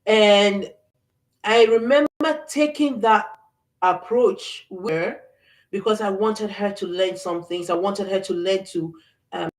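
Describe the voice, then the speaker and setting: A woman's voice: mid-range voice, slow pace, far from the mic. A middle-aged woman hosting a faith-based talk, speaking earnestly and reflectively, with frequent fillers and restarts. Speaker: host. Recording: echoey room, voice off-mic.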